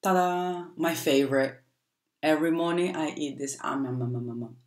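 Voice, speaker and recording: A woman teaching a playful vocabulary game to children, speaking in a slow, exaggerated teacher voice. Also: sits low, expressive. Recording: echoey room.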